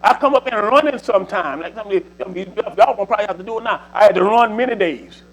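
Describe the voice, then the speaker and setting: A man's voice: high-pitched, fast, low-quality recording. A man, preaching to a church congregation in a folksy, repetitive, exhorting way. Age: 70s. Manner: folksy, repetitive, exhorting with 'see' and 'you know'. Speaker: church speaker.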